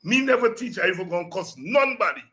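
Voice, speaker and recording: A man hosting a political talk show, telling animated stories and breaking into song. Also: high voice, quick pace. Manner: animated storytelling, breaks into singing and shouting. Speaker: show host.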